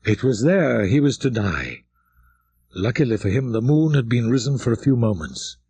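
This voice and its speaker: A man narrating a classic novel in a dramatic, measured storytelling manner. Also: mid-range voice, very animated, dark tone, slightly rough, dry recording. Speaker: audiobook narrator.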